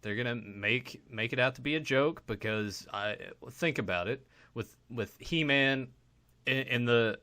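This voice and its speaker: A man's voice: medium pitch, a little slow, pushed and bright. A man co-hosting a fan podcast, talking casually with a lot of stammering restarts. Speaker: podcast co-host.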